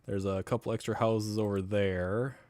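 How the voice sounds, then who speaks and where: A man with a low voice talks casually on a podcast, loose and chatty, dropping swear words as he goes. The sound is close and dry, with no room around it. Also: steady tone, moderate pace, darkish tone, no echo. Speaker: co-host.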